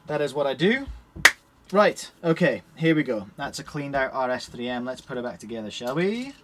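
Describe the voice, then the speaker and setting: A man's voice: mid-range voice, fast talker, background noise. Chatty Scottish man streaming. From Scotland. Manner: chatty, cheerful, talks while working with his hands. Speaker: streamer setting up cubes. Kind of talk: casual live-stream chat. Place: shed.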